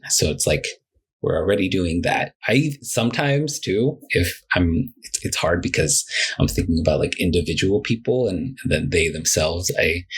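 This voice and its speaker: A man with a deep, slightly husky voice chats as a podcast guest about his therapy work. He talks in an animated, loose way, full of fillers and quick acted-out client quotes. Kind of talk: casual podcast conversation.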